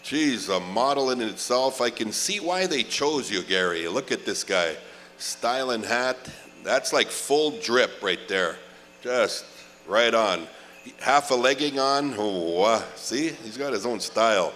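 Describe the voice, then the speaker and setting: A man's voice: mid-range voice, expressive, measured pace, a bit bright. A middle-aged man, emceeing a powwow in a chatty, joking way and drawing out the names he calls. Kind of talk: live event announcing. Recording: reverberant arena PA sound.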